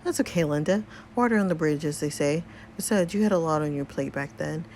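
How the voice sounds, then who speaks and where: A woman voicing a warm, doting middle-aged mother in a story game, gushing and motherly. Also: low-pitched, fairly quick, slight background noise.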